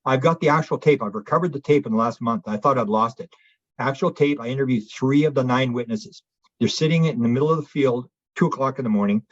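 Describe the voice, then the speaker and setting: Man, interview guest, husky voice, animated storyteller, lo-fi sound. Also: medium pitch, fast talker, dry recording. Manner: acts out quoted witnesses in raised voices. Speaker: interview guest, UFO researcher.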